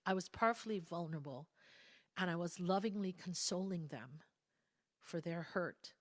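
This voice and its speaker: Middle-aged woman speaker, earnest personal testimony, soft whispered asides, dry close sound. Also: on the low side, normal speed, no echo. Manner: earnest storytelling, drops to soft whispers for quotes. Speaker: guest speaker at a spiritual service. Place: church sanctuary.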